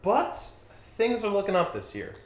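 A man's voice: sits high, sing-song, moderate pace. A man hosting a casual podcast with a friend, rambling and correcting himself as he jokes around. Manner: rambling, self-correcting, joking. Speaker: podcast host. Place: home room with dogs nearby. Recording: echoey room with faint noise.

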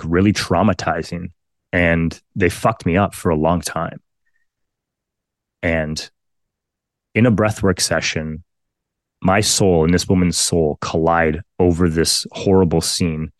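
Guest role: very low-voiced man in his thirties, frank and profane, dry studio sound. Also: no room sound. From Canada. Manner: blunt and profane, emphatic repetitions. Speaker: podcast guest, firefighter. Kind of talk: candid conversational storytelling.

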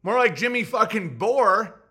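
Sneering cop, taunting and bright-toned, put on by the host. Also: male voice, high-pitched, animated, measured pace, full character voice. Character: mocking male police officer.

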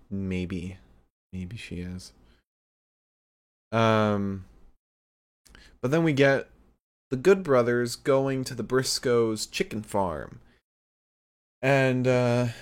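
A man's voice: medium pitch, slow pace, pauses often, clean tone. A man co-hosting a podcast, recapping a show in rambling casual chat with lots of fillers and laughs. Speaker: podcast co-host.

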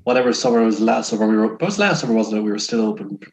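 A man's voice: fairly low pitch, very fast. A young Irish man as a podcast guest, joking wryly and swearing in casual chat.

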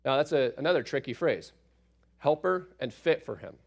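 A man, a father, teaching through a Bible passage in a relaxed, conversational way, with asides and fillers as he explains. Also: medium pitch, normal speed, vocal fry. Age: adult parent.

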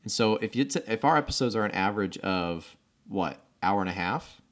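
Low-voiced blunt male podcast co-host. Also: animated, brisk. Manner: blunt, teasing. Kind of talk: casual podcast chat.

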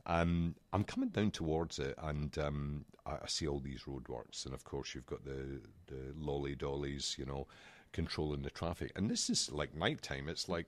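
A middle-aged man with a very low voice recounts a frustrating episode with animated indignation. He talks casually as a podcast co-host, close to a dry, dead-sounding mic. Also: moderate pace, dry recording. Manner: animated, exasperated anecdote-telling. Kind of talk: casual chat, storytelling.

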